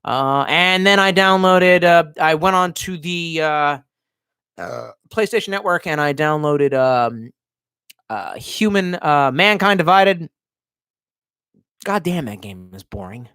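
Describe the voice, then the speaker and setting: A man's voice: a little high, expressive, slow pace, pushed and bright, clean tone, no room sound, studio quality. A man livestreaming and reading viewer chat, rambling casually and swearing a lot while drinking. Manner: profane, rambling, sardonic. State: drinking, tipsy.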